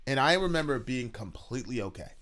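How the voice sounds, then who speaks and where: A man co-hosting a reaction show, telling a personal story in a halting, earnest way with repeated words and casual swearing. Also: medium pitch, animated, a bit bright. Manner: earnest and reflective. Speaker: podcast co-host, father.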